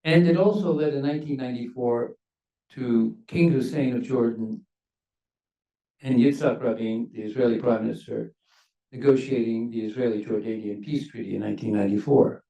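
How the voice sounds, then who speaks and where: An older man, a former ambassador, speaking on a university panel in a measured, emphatic way that leans on key words. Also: mid-range voice, steady tone, vocal fry, warm tone. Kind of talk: panel discussion remarks. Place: university lecture hall. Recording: echoey hall, mic at a distance.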